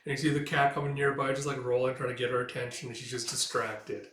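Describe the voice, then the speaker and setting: A man's voice: medium pitch, fairly even intonation, fast talker, fairly bright tone, slight background noise. A man casually reading and retelling a comic, with many fillers. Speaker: comic reviewer. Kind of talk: casual read-through of a comic. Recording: roomy, mic at a distance.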